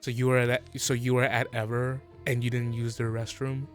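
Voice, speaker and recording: A man's voice: medium pitch, little pitch movement, moderate pace, soft background music. Giggly man running a tabletop game. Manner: laughing often, stumbling restarts. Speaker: game master.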